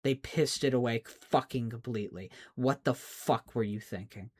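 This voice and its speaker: A man's voice: mid-range voice, normal speed, darkish tone, slightly rough. A man, a streamer, in an exasperated, profane rant, often stammering and restarting his words. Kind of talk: angry rant.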